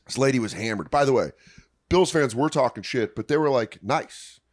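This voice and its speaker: A man guesting on a podcast, telling stories in an animated, swearing way. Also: mid-range voice, normal speed. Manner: animated storyteller, swears a lot. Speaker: comedian guest. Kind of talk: casual chat, storytelling.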